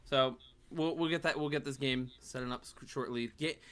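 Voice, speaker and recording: A man co-commentating a fighting game tournament stream, excitable and joking. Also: medium pitch, moderate pace. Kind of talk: casual esports commentary.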